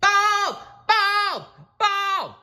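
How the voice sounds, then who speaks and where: A man voicing an eager, excitable young sea sponge in a storybook reading, squealing and cheerful. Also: fairly high pitch, moderate pace, voice pushed up. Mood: shrieking.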